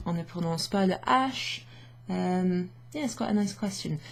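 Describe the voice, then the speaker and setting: A young woman's fairly low voice, marked by vocal fry and delivered at normal speed, carries a casual French lesson recorded at her home desk. She's chatty, laughs frequently, and mixes English into her French, working from a home office with a standing desk.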